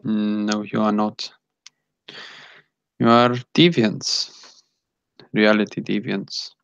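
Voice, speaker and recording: A man playing a cold, clinical male agent who speaks with eerie calm and no feeling, like a robot, in a tabletop game. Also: on the low side, drawn-out words, gravelly, clean tone, lo-fi sound, heavily acted. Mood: cold menace. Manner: eerily calm, flat, robotic delivery.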